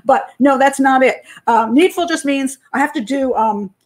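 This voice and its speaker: A woman's voice: high voice, normal speed. An older American woman, a criminal profiler and channel host, chatting casually on a live stream, laughing often and answering viewer comments. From United States.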